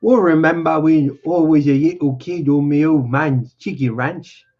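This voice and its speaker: On a dull lo-fi recording, a man plays a lonely, needling older stable hand, his delivery drawn out, raised in pitch, and unhurried. The mood is wistful.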